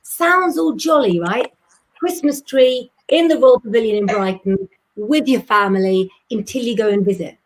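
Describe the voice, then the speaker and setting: A woman's voice: fairly high pitch, normal speed, low-quality recording. A woman hosting a casual live chat, talking in a playful, rambling way and tripping over her words. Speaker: host.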